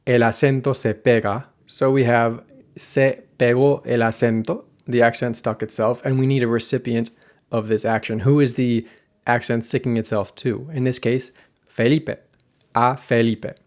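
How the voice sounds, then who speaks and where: A man teaching a language lesson, explaining grammar clearly and step by step and slowing down for example sentences. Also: mid-range voice, fairly even intonation.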